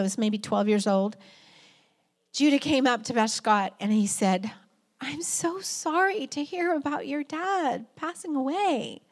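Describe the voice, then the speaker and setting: A middle-aged woman pastor preaching a heartfelt, conversational sermon in a church, with a friendly "y'all" manner. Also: high voice. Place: church sanctuary.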